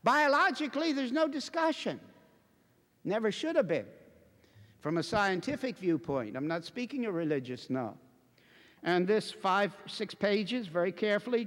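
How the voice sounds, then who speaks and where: A man preaching a sermon to a congregation in an impassioned, emphatic way, building to forceful declamation. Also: high-pitched. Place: church before a congregation. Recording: long reverberant hall.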